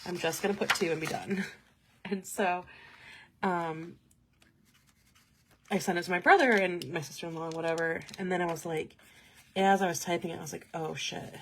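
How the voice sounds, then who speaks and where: A young woman hosting a livestream, chatting casually and telling an animated story, laughing often along the way. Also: on the low side, moderate pace, long pauses, noisy background. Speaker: host.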